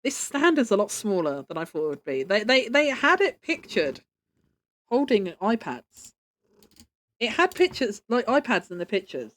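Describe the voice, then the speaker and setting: A young British live streamer chats casually in a very animated, medium-pitched voice at normal speed, fairly bright in tone. She rambles, using lots of fillers and swearing casually.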